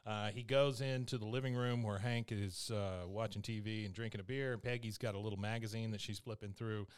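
A man's voice: lowish voice, steady tone, a little fast, smooth, no room sound. A man co-hosting a casual podcast, retelling a cartoon episode scene by scene and quoting the characters. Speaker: podcast co-host.

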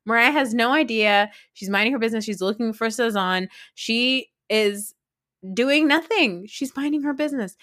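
A woman hosting a podcast, recapping reality TV in a casual chat, excitable and laughing through her sentences while swearing freely. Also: on the high side, moderate pace, no room sound, clean studio sound. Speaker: podcast host.

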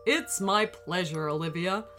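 A woman doing a gentle, kindly snowman. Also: fairly low pitch, a little slow, soft background music, pitched below the performer's own voice. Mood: reassuring. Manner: gentle, reassuring. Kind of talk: storybook character voice.

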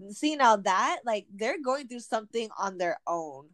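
A woman's voice: a little high, animated, a little slow, a bit bright, dry recording, clean studio sound. A woman in casual podcast chat, reacting with sympathetic, profane remarks.

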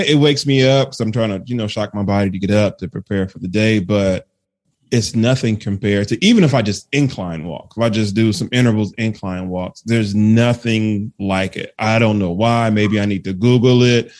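Lower-voiced man hosting a relaxed interview. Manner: affirming, rambling, many fillers like "you know". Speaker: podcast host. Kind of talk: casual interview chat.

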